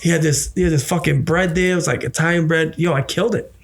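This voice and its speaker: A man with a fairly high voice co-hosts a casual podcast. He tells a story with plenty of swearing and animated energy, in the loose, unscripted way of chatting with a friend. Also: fast talker. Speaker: podcast co-host. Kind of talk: casual chat.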